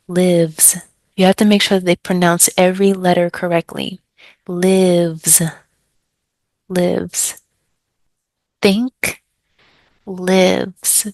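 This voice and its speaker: A woman ESL tutor talking through a trial lesson at an unhurried, deliberate pace, carefully over-enunciating example words. Her voice sits slightly low, recorded close and dry with no room sound. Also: level tone, darkish tone, no echo. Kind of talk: teaching tips, modeling pronunciation.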